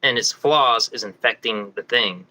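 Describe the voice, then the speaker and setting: A man with a very bright, forceful voice in a casual podcast discussion. He talks in quick, animated bursts and often restarts his sentences. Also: medium pitch, poor audio. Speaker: podcast co-host.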